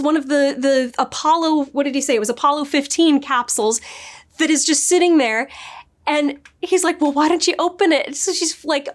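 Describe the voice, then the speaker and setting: A woman in her thirties casually reviewing a TV episode, chatty and gushing, acting out the characters' lines in her own voice. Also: high-pitched. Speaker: show reviewer.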